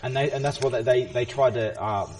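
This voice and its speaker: A man talking as a guest in a casual conversation, speaking fast, often repeating words and restarting his sentences, and insisting on finishing his point. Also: mid-range voice, fairly even intonation, heavy background noise. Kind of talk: casual spoken explanation.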